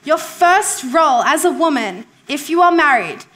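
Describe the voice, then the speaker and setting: A woman pastor with a high, bright voice delivers a sermon. She talks to the congregation like a friend, asks them questions and repeats her main points for emphasis. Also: big pitch swings, normal speed. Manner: repeats key phrases for emphasis.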